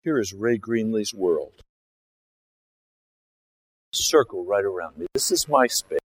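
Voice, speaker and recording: A man's voice: fairly low pitch, animated, slow pace, low-quality recording. A male pastor preaching a conversational sermon, acting out scenes as he talks. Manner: conversational, acts out scenes with his body and voice.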